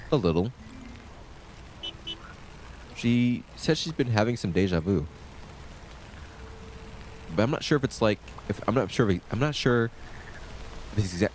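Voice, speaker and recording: A man streaming a story game, casually reading the dialogue aloud and adding quick comments in his own voice. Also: fairly low pitch, a little hiss or hum. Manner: lively, reads game lines in his own voice with quick asides.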